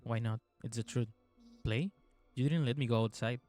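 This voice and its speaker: A man's voice: mid-range voice, moderate pace, a little mellow, soft background music, lightly acted. A man voicing a resentful young daughter in a horror game, talking back in a blunt, defiant way.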